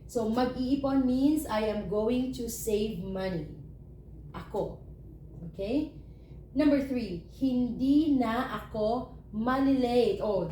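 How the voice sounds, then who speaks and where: Filipino-accented woman teaching, mellow and roomy. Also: mid-range voice. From Philippines. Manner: slows down to spell out example phrases. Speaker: language teacher. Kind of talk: language lesson. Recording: roomy echo, faint room noise.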